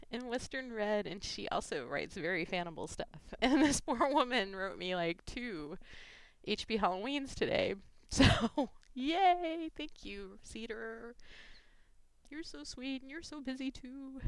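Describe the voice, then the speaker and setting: A woman's voice: on the high side, a bit bright, smooth, dry recording. A woman chatting casually on her vlog, giggling often and gushing emotionally. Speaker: fan fiction vlogger. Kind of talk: casual chat reading gifts.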